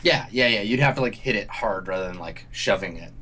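A man's voice: fairly low pitch, animated, brisk, bright, forceful tone, a little hiss or hum. A man narrating as game master, hesitant, with many ums and restarts.

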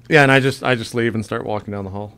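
A man's voice: medium pitch, fairly bright tone. A man chatting loosely as a player in a tabletop game on a video call, laughing often. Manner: loose, laughing, stumbling restarts. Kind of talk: casual role-play chat. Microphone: webcam mic on a video call.

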